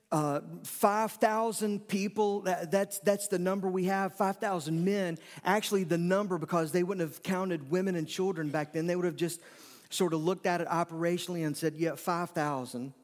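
A man's voice: sits high, steady tone, normal speed. A middle-aged man preaching a sermon, conversational, with emphatic repetitions and sudden rises in energy. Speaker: pastor. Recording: long reverb of a large hall.

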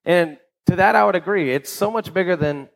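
A man's voice: high voice, fairly quick, vocal fry, low-quality recording. A man preaching a sermon in a conversational way, often checking in with his listeners and repeating words as he restarts. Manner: conversational, keeps asking "right?". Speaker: pastor.

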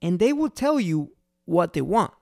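A restaurant owner walks through how to handle unhappy customers, earnest and repeating each key point for emphasis. The voice is gravelly, with a rough fry in it. The recording is dry and close, with no room sound. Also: medium pitch, very animated, measured pace, warm tone, no echo. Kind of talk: casual customer-service advice talk.

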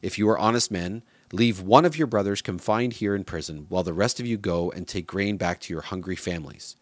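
A man's voice: low voice, brisk, no echo. A man reading the lines of a stern, powerful male ruler who speaks harshly and gives commands.

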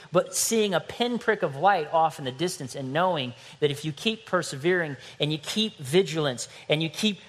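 A middle-aged man preaching a sermon as pastor, animated and playful, acting out little scenes. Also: a little high.

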